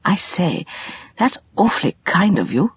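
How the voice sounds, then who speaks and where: A woman's voice: fairly low pitch, big pitch swings, measured pace, breathy edge, highs cut off, heavily acted. A woman voicing a determined young male traveller who speaks in an earnest, clipped way, in a storybook reading.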